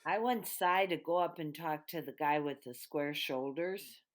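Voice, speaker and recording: A woman's voice: low voice, unhurried. A woman playing a tabletop game, earnestly arguing her plan with some hesitation. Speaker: player.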